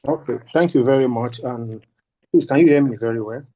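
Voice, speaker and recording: A man's voice: medium pitch, dark tone. A middle-aged man with a Nigerian accent, politely thanking the speaker and asking a long question in an online workshop. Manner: polite, effusive thanks, halting restarts. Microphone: video call.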